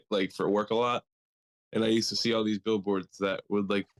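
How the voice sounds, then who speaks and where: A man's voice: lowish voice, level tone, normal speed. Young guy from delaware on a podcast, cussing a lot, rambly and jokey. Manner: loose, profane and joking, slips into mocking impressions. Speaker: podcast co-host. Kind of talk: casual chat.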